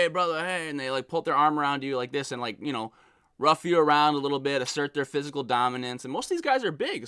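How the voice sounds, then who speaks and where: A man reads out viewer messages and rants about them in an animated, exasperated way, as a reaction commentary. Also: medium pitch, no room sound, studio quality. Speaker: content creator reading viewer messages.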